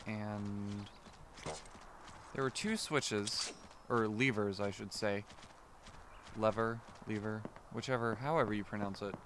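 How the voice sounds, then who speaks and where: A man's voice: fairly low pitch, unhurried, noisy background. A man casually commenting on his gameplay as a let's play host, chatty and rambling, often correcting himself. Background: game music.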